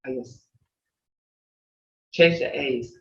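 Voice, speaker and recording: This language teacher speaks at a medium pitch, extremely slowly, with a slightly bright tone. Leading a class online, they patiently go over example phrases repeatedly, and the video-call audio comes through echoey and dull.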